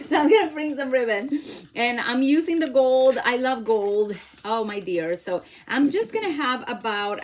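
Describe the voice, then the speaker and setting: A woman's voice: medium pitch, slight background noise. A middle-aged woman hosting a casual crafting demo at home, chatty, laughing at herself and talking to viewers as she works. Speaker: craft channel host.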